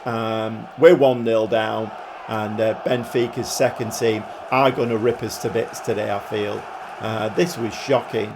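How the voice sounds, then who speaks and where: A man giving casual, chatty play-by-play commentary on his football management game, with dry humour and swings between glum grumbling and excited cheering. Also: mid-range voice, a little hiss or hum. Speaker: gaming YouTuber.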